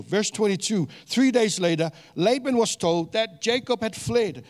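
A man preaching a sermon as a pastor, animated and questioning his congregation, with many fillers and restarts. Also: on the high side, big-room sound.

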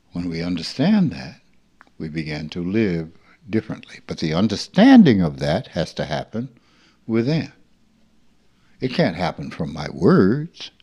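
A man in his seventies from rural Mississippi, giving an earnest, reflective spiritual talk as a teacher who sometimes drops to a near-hush. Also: low voice, very animated, measured pace, long pauses, breathy edge, muffled recording. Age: 70s.

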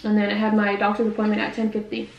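A young woman vlogger chats casually while eating in a quiet room at home, in a mukbang-style video. Her mid-range voice is completely flat, and the echoey recording has cut-off highs and slight background noise. She rambles, corrects herself, and remarks that she talks fast.

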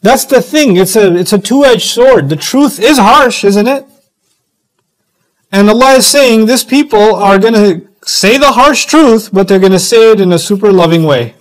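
Man, middle-aged, sermon lecture, high-pitched, animated delivery. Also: moderate pace, low-quality recording. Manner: animated, acts out quoted voices, quotes Arabic text. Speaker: Islamic speaker.

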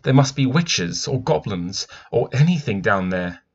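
A man's voice: lowish voice, lively intonation, measured pace, husky, dull audio, heavily acted. A man reading aloud, voicing a timid little girl who pleads with her brother. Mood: fearful. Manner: pleading, fearful.

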